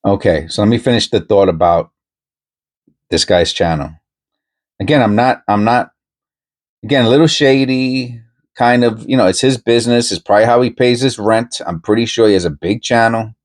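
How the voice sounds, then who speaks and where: A man's voice: lowish voice, moderate pace. A man hosting a coin-hunting channel, talking casually and rambling with many restarts and self-interruptions. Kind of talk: casual commentary to camera.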